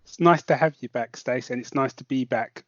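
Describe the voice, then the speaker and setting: A man's voice: mid-range voice, a little fast, a bit bright, no echo, lo-fi sound. A man co-hosting a casual podcast chat, dry-humoured and a little rambling. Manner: dry, laid-back, rambling. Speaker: co-host.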